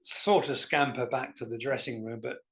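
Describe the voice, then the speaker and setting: A man, a guest musician telling self-deprecating stories in a relaxed interview. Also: medium pitch, moderate pace. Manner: animated anecdotal, self-deprecating. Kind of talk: casual storytelling interview.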